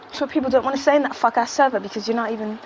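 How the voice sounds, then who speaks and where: A woman's voice: a little high, very fast, a little hiss or hum. Blunt, rambling woman streamer. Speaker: livestreamer. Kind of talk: casual livestream chat.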